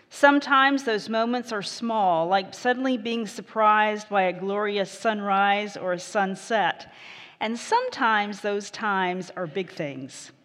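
A woman's voice: mid-range voice, a bit bright. Woman pastor reading in a reverberant hall. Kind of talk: scripture reading and sermon.

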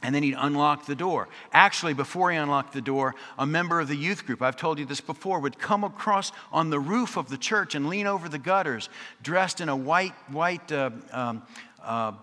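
Bright-voiced preacher in an echoing hall. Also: male voice, on the high side. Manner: wry, conversational storytelling with dramatic repetition. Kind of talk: storytelling sermon. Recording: long reverb of a large hall.

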